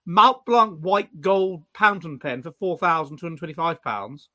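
A man with a high, bright, forceful voice, talking animatedly in a casual chat. He stumbles and restarts his sentences often. His tone turns mocking as he goes. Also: measured pace. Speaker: podcast co-host.

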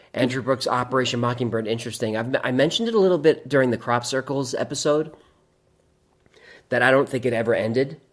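A man hosts a loose, chatty livestream and reads viewer comments aloud. He goes off on wry, rambling asides and often breaks into laughter at his own jokes. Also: medium pitch. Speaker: livestream host reading chat. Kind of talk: casual livestream chat.

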